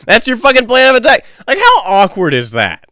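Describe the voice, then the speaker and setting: A man's voice: very high voice, huge pitch swings, a little fast, sharp tone, dry recording. A man in his twenties co-hosting a podcast, telling a rambling, profane story in casual chat. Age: 20s. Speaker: podcast co-host.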